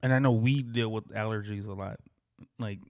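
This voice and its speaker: A man's voice: on the low side, steady tone, moderate pace, darkish tone, no room sound, studio quality. A young adult man co-hosting a podcast, rambling in casual chat, filling his talk with "like" and swearing freely. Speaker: podcast co-host.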